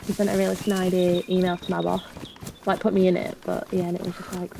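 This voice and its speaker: Creaky, mellow-voiced woman chatting. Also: on the low side, monotone, fast talker, a little hiss or hum, low-quality recording. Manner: chatty and venting, many fillers. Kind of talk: casual chat.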